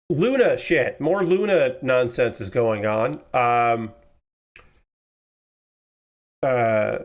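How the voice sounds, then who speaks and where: A man hosting a model kit build stream, chatting casually and tiredly, rambling with lots of fillers and the odd swear word. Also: mid-range voice. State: tired and yawning. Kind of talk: casual chat while building.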